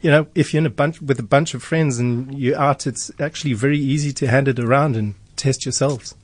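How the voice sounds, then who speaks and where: A man, a guest in a radio interview, speaking in a relaxed way with many ums. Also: medium pitch, fairly quick, no echo. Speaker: guest, product distributor.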